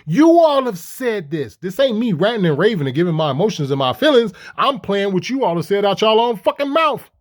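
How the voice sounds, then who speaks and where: High-voiced man, angry profane commentator, mocking questions. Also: sing-song, fairly quick, few pauses. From Chicago. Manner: heated, mocking, rhetorical questions. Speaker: commentator reacting to clips.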